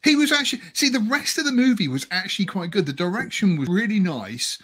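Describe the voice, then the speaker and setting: A man's voice: high voice, sing-song, quick pace, fairly bright tone, slightly rough. A man co-hosting a casual podcast chat about films, laughing often and telling things with animation. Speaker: podcast co-host reviewing films.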